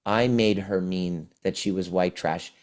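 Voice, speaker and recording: A man's voice: low voice, fairly even intonation, measured pace, a little mellow. A man on a podcast as a trauma healing coach. He tells a client's story and acts out her replies with a lot of energy. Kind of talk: conversational storytelling.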